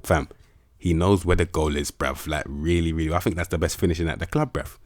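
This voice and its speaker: Hyping players with slang and plenty of swearing, this young gaming video host talks a little fast in an extremely low-pitched voice. His casual, animated commentary is captured in clean studio sound with no room sound.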